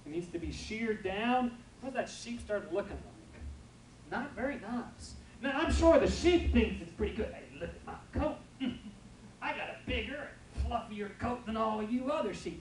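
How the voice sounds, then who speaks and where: A male pastor preaching a lively, humorous sermon full of stories and asides to his congregation, recorded in a church. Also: very high-pitched. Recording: roomy church from far off, faint noise.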